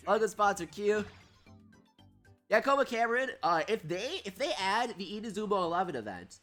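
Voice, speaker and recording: A man hosting a casual gaming livestream with a stuffed-up nose. He reads out chat names and yells excitedly at the game. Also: high voice, fairly quick, soft background music.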